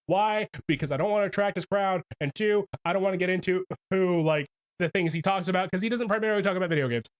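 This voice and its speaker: A man's voice: sits high, fast. Young male streamer, casual livestream rant, heavy swearing. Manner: profane, ranting.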